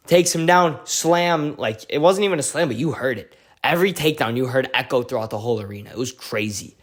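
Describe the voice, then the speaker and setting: A man's voice: mid-range voice, brisk. Dude vlogging his fight week trip, hyped and slangy, says like a lot. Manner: excitable, slangy storytelling with many "like"s. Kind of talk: casual event recap vlog.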